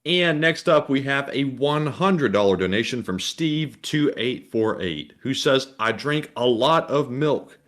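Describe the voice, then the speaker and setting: A man co-hosting a live stream, reading out viewer donations and messages in a steady, matter-of-fact way. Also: mid-range voice, measured pace, hardly any pauses.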